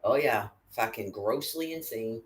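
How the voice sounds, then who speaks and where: A woman's voice: very deep voice, animated, unhurried, rough recording. A woman delivering an angry, profane rant, cursing constantly and hurling threats.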